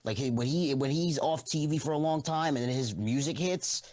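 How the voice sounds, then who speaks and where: A man's voice: mid-range voice, normal speed, darkish tone. A man chatting casually on a video call, restarting his sentences often and swearing as he goes. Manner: hesitant, restarts often, profane. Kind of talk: casual chat.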